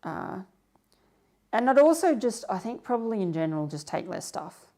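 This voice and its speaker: A woman's voice: medium pitch, big pitch swings, moderate pace, warm tone. A young woman hosting a live stream, chatting casually and reading out viewer comments with lots of fillers. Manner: rambling, filler-heavy, reads comments aloud. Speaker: livestream host.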